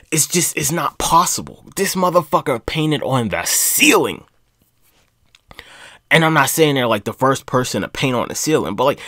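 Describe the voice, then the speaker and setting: A man's voice: medium pitch, a bit bright, no room sound, studio quality. A young man hosting his own vlog in a casual, rambling rant, swearing freely and laughing at himself. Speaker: vlog host. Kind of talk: casual profane rant to camera.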